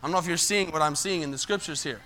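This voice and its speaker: A male pastor preaching a sermon, calling out asides to the congregation and swinging between loud emphatic bursts and low quiet lines. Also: rapid-fire.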